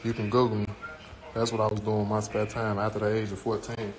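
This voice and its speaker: A man's voice: lowish voice, monotone, quick pace. A young man casually chatting on a livestream from his home, talking loose, profane and rambling. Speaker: livestream host. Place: indoors at home. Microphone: phone. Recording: noisy phone livestream audio.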